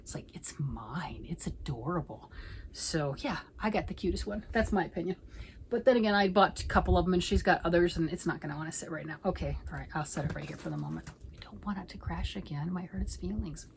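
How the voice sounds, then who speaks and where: A middle-aged woman vlogging at home about knitting, chatting in a rambling way and often sinking into a soft near-whisper. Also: lowish voice, animated, fast, slight background noise, low-quality recording. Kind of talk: casual chat.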